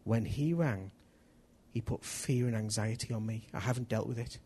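A middle-aged man preaching a sermon, animated, acting out little dialogues as he tells stories. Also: on the low side, normal speed, breathy edge. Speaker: pastor.

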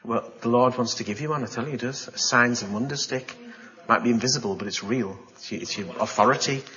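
A man preaching a sermon, telling a story with gasps, exclamations and lively asides. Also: mid-range voice, quick pace, muffled recording. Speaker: pastor.

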